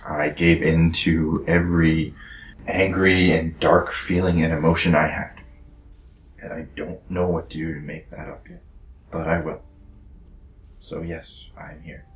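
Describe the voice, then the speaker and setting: A man voicing a guilt-ridden, tender young rebel fighter in a tabletop role-play, hesitant and soft, trailing toward whispers, in a roomy space. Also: rumbling low, little pitch movement, a little slow. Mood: remorseful. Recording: roomy echo.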